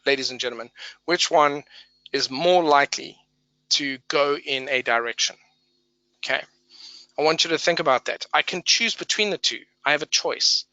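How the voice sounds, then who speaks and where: A man running a live trading webinar with a bright, forceful voice, recorded dry with almost no room echo. He talks through the charts casually, thinking aloud and hammering key words by repeating them. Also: mid-range voice. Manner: emphatic repetition of key words.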